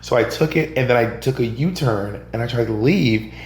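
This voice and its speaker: Animated male storyteller in a roomy space. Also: mid-range voice, moderate pace. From Georgia, USA. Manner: animated, acts out other people's lines in quotes. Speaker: podcast guest, drag performer and comedian. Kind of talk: casual storytelling in an interview. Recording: roomy echo with a faint hum.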